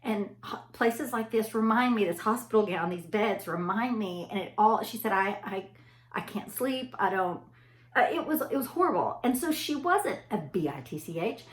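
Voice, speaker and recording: A woman's voice: on the high side, sing-song, moderate pace. A middle-aged woman, a chatty storyteller talking straight to her listeners in a casual motivational talk. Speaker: anesthesia provider. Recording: echoey room.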